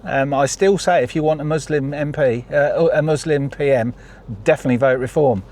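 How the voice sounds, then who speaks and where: A man's voice: fairly high pitch, fairly quick, darkish tone. A man giving a heated, sweary political rant for his vlog while sitting in his car in traffic. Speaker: vlogger.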